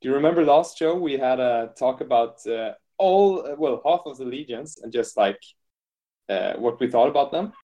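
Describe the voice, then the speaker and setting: A man co-hosts a relaxed hobby podcast, chatting loosely and breaking into laughter often. His voice sits at a middling pitch with a dark, mellow tone. He swears casually as he jokes. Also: moderate pace. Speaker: podcast co-host.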